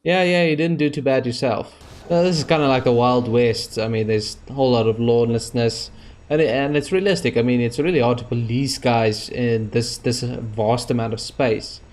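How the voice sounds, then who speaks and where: A man's voice: medium pitch, moderate pace, a little mellow. Guy doing casual let's-play commentary, rambly, lots of uhs. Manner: rambling, full of fillers and restarts. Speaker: gaming YouTuber.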